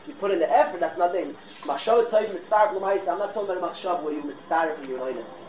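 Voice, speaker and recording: A man's voice: sits high, racing. A middle-aged man, a rabbi, giving a fiery, exhorting sermon to his class, sprinkling in Hebrew and Yiddish terms. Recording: roomy, dull lo-fi recording with noise.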